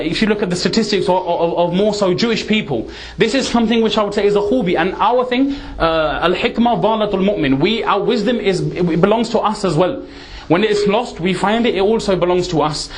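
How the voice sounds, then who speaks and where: High-voiced earnest male preacher. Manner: earnest, emphatic, mixes Urdu, Punjabi and Arabic words. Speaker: Islamic preacher. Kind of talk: sermon.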